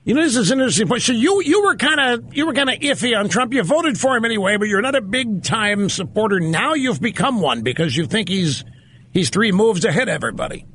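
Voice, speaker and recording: A man's voice: sits high, sing-song, fast talker, a bit bright, slightly rough. A man hosting a call-in radio talk show, emphatic and incredulous as he talks with callers. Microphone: studio microphone.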